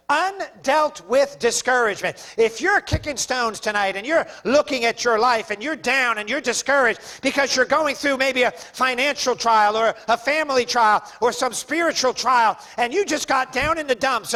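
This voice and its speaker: A man's voice: very high-pitched, bright, forceful tone. A male pastor preaching a sermon in a fervent, emphatic way.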